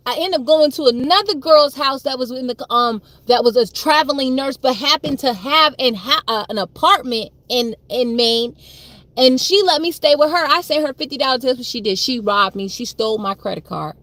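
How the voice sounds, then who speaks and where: A woman's voice: high voice, expressive, normal speed, fairly bright tone, no room sound. Emphatic young woman livestreaming. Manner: emphatic, repetitive storytelling with swearing. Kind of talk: livestream monologue.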